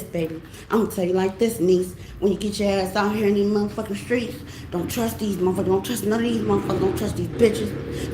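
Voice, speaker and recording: Woman, tarot vlog rant, animated, profane, echoey room. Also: medium pitch. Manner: animated, profane, laughing often. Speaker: tarot reader. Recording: echoey room with faint hiss.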